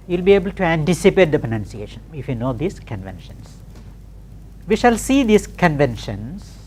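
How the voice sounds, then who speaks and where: A man teaching English pronunciation in a classroom, slow and deliberate, repeating words for practice and checking in with "okay". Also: medium pitch, darkish tone, a little hiss or hum.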